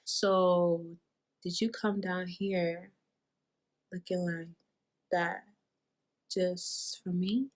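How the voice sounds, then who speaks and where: Give me a woman playing a smooth-talking young man, low, soft and slow. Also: lively intonation.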